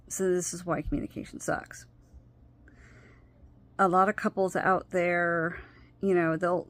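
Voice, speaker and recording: A woman vlogger talking candidly to camera about her own experience, halting and often losing her train of thought. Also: fairly low pitch, no room sound. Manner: frequent pauses and restarts. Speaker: vlogger sharing personal experience. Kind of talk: candid personal talk to camera.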